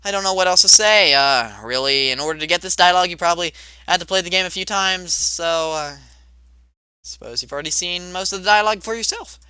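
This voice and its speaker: A game creator playing through their own homemade game, rambling and playful with quick asides between game lines. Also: mid-range voice, pushed and bright, clean tone, dry recording, rough recording. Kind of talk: let's-play commentary.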